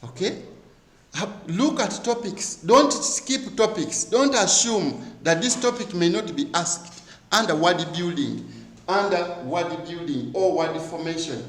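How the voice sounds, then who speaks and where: Man, high voice, teaching an exam review in an echoey room, lots of rhetorical questions. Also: lively intonation, a little slow. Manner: rhetorical questions, repeats key words for emphasis.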